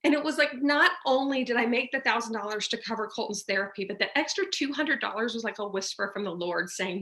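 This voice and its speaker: A woman's voice: fairly high pitch, quick pace, hardly any pauses, bright, forceful tone. A woman, telling her personal business story in a chatty, storytelling way, full of fillers and acted-out quotes. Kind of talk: personal testimony on a livestream.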